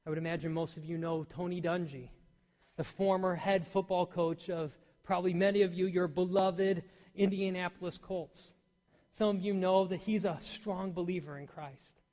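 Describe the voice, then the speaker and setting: Man, pastor, church sermon, high voice, emphatic then hushed, reverberant church hall. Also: fairly even intonation, normal speed. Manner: rises to loud emphatic peaks, drops to soft near-whispers.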